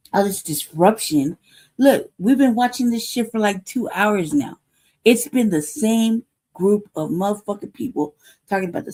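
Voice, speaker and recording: Profane, heated woman with a dark voice. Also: fairly low pitch. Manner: rhetorical questions, repeats herself. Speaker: news show host. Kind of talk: casual livestream commentary.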